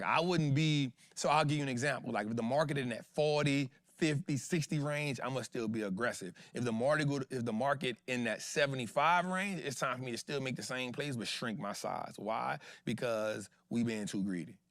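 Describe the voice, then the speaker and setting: A man's voice: mid-range voice, brisk, few pauses, no room sound, clean studio sound. A man hosting an investing show in casual livestream talk, slangy and emphatic, throwing rhetorical questions at his viewers.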